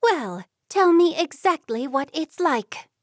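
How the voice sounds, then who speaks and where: A woman's voice: sits high, very animated, slow, no echo, clean studio sound, pitched above the performer's own voice, heavily acted. A woman voicing a firm, prying middle-aged Amish mother in a storybook reading. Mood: stern.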